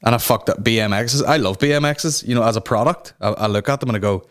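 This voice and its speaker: A man's voice: mid-range voice, fast talker, few pauses. Sweary, rambling man hosting a podcast. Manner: sweary, rambling, self-mocking. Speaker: podcast host. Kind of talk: casual comedic rant. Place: home. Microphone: talking to a camera.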